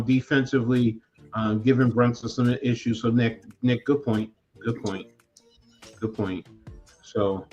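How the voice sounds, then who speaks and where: A man's voice: medium pitch, muffled recording. A man co-hosting a casual sports debate, teasing and questioning his partner. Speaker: co-host.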